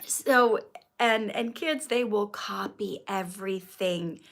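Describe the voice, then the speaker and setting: A woman in her thirties hosting a casual livestream, chatting warmly and encouragingly as she reads viewer comments aloud. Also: mid-range voice, slow, creaky.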